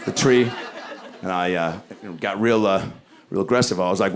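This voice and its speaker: A man in his forties doing a profane, rapid-fire stand-up set, with mumbled asides and loud bursts, on a handheld mic on a club stage. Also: lowish voice, a crowd in the background. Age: 40s. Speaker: stand-up comedian. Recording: loud audience laughter and room ambience.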